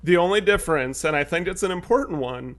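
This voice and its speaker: A man's voice: high-pitched, expressive, fast talker. A man co-hosting a podcast in casual chat, earnest and stopping to restart his thoughts. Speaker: podcast co-host.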